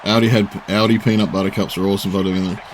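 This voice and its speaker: A man, chatting casually and rambling while streaming, swearing now and then and filling pauses with um and uh. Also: lowish voice, level tone. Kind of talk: casual live-stream chat.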